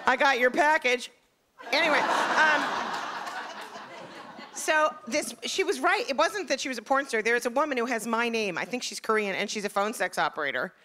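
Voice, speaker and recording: A woman's voice: a little high, animated, normal speed, pauses often. A middle-aged woman performing a self-deprecating stand-up set on a theater stage, punchy and acting out the people in her stories. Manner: self-deprecating, punchy, acts out quoted voices. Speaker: stand-up comedian. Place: theater stage before a laughing audience. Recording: live show with loud crowd and noise.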